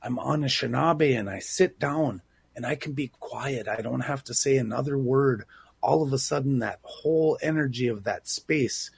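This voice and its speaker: A man's voice: mid-range voice, normal speed, gravelly, a little mellow, husky, no room sound. A man speaking earnestly as a guest on a talk program. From Bad River, Wisconsin. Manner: earnest, heartfelt. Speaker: guest, civic engagement manager. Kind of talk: radio interview.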